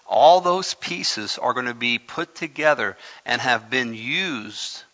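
A male pastor delivering a sermon with a bright, forceful voice. He stumbles over repeated words, then surges loud to drive a point home. The sound is dull and carries a long hall reverb. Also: mid-range voice, slow. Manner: animated preaching with repeated words and sudden loud emphasis.

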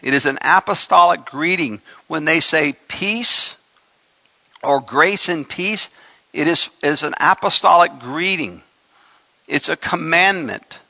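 A man's voice: fairly high pitch, takes it slowly, gravelly, pushed and bright, dry recording, lo-fi sound. A man preaching a sermon as pastor, emphatic, with joking asides to his congregation.

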